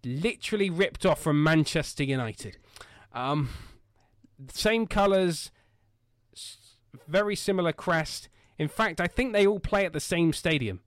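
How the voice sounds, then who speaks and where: A man's voice: on the high side, animated, measured pace, no room sound. Male podcast host, rambling jokey chat, dry room. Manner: jokey and rambling, with many fillers. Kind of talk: casual football chat. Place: home.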